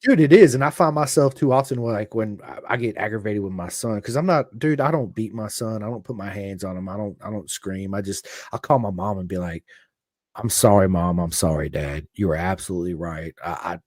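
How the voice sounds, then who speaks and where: A man in his thirties hosting a casual podcast chat, animated, going loud and soft and acting out quotes. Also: fairly low pitch, a little fast, few pauses, no echo, studio quality. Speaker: podcast host.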